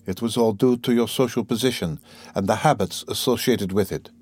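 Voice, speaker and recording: A man's voice: fairly low pitch, fairly quick, darkish tone, lightly acted. A man voicing a tense, brooding young man who talks in an agitated, peevish way.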